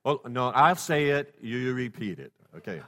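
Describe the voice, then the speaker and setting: A man preaching a sermon, swinging from loud exclamations to hushed low passages and leading the congregation in call-and-response. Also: big pitch swings, moderate pace. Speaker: pastor. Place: church sanctuary. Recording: long hall reverb.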